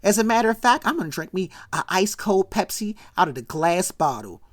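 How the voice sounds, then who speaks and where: A woman plays a brassy, defiant older sitcom matriarch, starting in a lower, softer register before breaking into loud scolding. Her delivery is brisk, with big swings in pitch.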